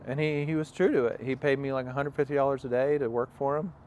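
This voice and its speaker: A man's voice: medium pitch, fairly even intonation, fast talker, darkish tone, slight background noise. A young man, an interview guest, telling a long personal story in a casual, rambling way with many fillers and acted-out quotes. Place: outdoors on a farm.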